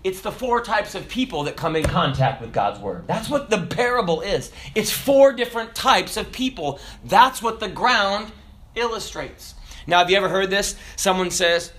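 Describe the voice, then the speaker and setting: A man's voice: high-pitched, moderate pace. A man in his thirties with a Southern American accent, preaching a sermon in a folksy, joking way with many questions to the congregation. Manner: folksy and animated, jokes and rhetorical questions.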